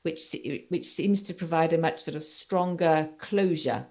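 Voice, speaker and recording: A woman's voice: lowish voice, unhurried, hardly any pauses, darkish tone. A woman lecturer giving an online literature class, rephrasing her points as she goes and checking in with her students. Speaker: university lecturer.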